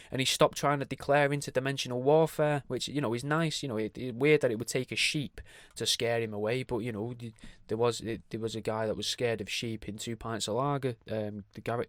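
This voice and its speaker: A man's voice: medium pitch, steady tone, brisk, no echo, clean studio sound. A man hosting a podcast alone, chatting casually in a rambling, sweary way, with many asides and restarts. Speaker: podcast host. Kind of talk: casual solo podcast monologue.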